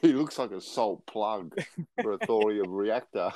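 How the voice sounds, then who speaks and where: A man's voice: on the low side, lively intonation, unhurried, dark tone, no echo. A man co-hosting a livestream, teasing and laughing often. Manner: teasing, laughs a lot, dry wit. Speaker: co-host. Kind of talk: casual banter on a livestream.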